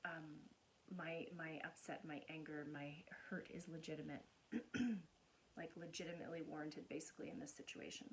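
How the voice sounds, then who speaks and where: A woman's voice: fairly low pitch, slight background noise. A woman counselor talking casually to camera, explaining earnestly with everyday examples.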